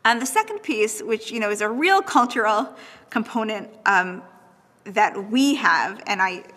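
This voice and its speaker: Bright, breathy woman lecturer, thoughtful. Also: mid-range voice, a little slow, long reverb tail. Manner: animated, thoughtful, frequent "right?" checks. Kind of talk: online lecture on texts.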